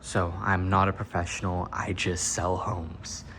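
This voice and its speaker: A man's voice: low-pitched, little pitch movement, measured pace, fairly bright tone, a little hiss or hum. A man working as a real estate agent, walking through an empty house and narrating the tour in a chatty, upbeat way with jokey asides.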